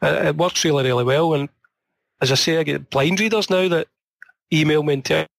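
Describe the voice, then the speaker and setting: A man's voice: a little high, brisk, creaky, fairly bright tone, no echo. A man with a Glasgow accent, an author chatting in an interview, rambling and telling stories, his voice tiring and slightly strained. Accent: Scottish, Glasgow. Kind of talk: casual conversation.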